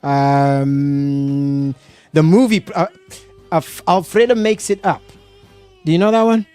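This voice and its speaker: A man hosting a casual live stream, animated and hesitant, laughing often as he talks. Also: a little high, slow, clear, resonant tone, faint music behind. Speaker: host.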